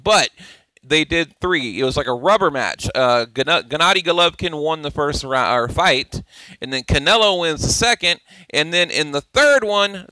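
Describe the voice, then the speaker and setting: A man rambles through boxing commentary in a bright, forceful voice, swearing freely and cutting himself off mid-thought. He sits close to the mic, and the sound is dry, with no room around it. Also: on the high side, no room sound. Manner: rambling, profane, opinionated, self-interrupting. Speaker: boxing channel host. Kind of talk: casual commentary over on-screen clips.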